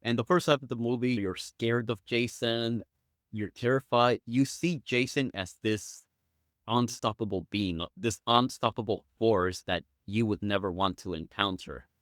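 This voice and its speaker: A man's voice: lowish voice, a little slow, a bit bright, no echo, clean studio sound. A man guesting on a podcast, chatting casually and acting out quotes with enthusiasm. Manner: enthusiastic storyteller, acts out quotes.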